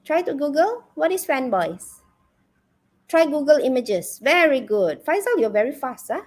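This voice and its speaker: A woman's voice: high voice, normal speed. A woman with a Malaysian English accent teaching a live online exam-prep lesson, coaxing her students with frequent questions. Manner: animated, coaxing, asks the class questions.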